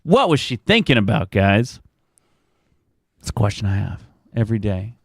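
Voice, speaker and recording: In a very animated, fairly low voice that's creaky and slightly rough, a live streamer talks at normal speed about his family in meandering anecdotes, frequently chuckling as he chats with viewers. The sound is dry and clean, studio-grade.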